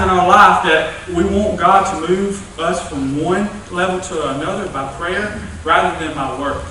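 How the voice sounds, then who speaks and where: A young man preaching a youth revival sermon, animated and folksy, with playful asides. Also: high voice, unhurried, few pauses, slight background noise. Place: church sanctuary. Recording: distant echoey church recording.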